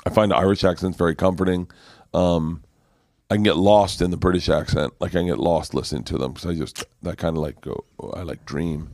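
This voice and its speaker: A man who is a comedian, chatting casually, profane and animated, often jumping into voices. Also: low voice, fairly quick, no echo, clean studio sound. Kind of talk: casual podcast chat.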